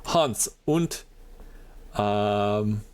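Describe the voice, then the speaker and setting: A man's voice: fairly low pitch, lively intonation, very slow, darkish tone, clean tone. Rambling male streamer chatting with chat. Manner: rambling, heavy on "like", laughs often; reading and answering chat. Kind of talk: casual live-stream chat.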